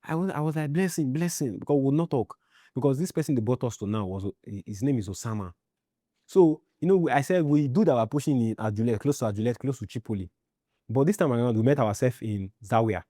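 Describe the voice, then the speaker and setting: A Nigerian man telling his own story in a halting way, often repeating himself and checking "you understand?". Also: mid-range voice, lively intonation, dark tone, no echo, clean studio sound. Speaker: interviewee. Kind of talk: personal storytelling.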